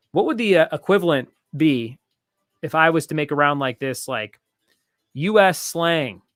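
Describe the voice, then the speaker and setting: A man hosting a live trivia show, reading each question slowly and repeating it, with joking asides between. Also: medium pitch, fairly bright tone, no echo, clean studio sound. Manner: reads each question slowly twice, jokes and rambles between. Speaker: trivia host.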